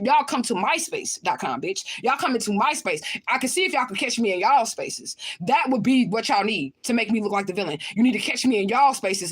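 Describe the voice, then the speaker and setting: A woman's voice: fairly high pitch, fairly bright tone, slightly rough. A woman ranting on a livestream, talking straight to her chat in a heated, profane way. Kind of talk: livestream rant to viewers.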